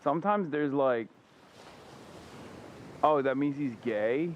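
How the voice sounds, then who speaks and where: A man's voice: mid-range voice, slow pace, highs cut off, a little hiss or hum. A man streaming, giving live reaction commentary with incredulous, profane asides.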